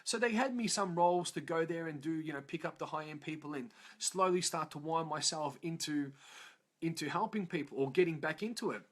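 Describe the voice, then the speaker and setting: A man's voice: on the high side, a little fast, fairly bright tone. An Australian man telling his own story in a raw, emotional and profane confessional way. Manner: raw, profane, emotional, frequent "yeah?" tag questions. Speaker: motivational vlogger.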